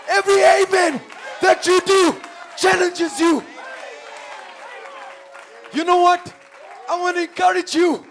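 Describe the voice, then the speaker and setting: High-voiced man preaching with fervor. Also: vocal fry. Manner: impassioned, swings between hushed and shouted; calls to the congregation with repeated questions. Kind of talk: sermon. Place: church.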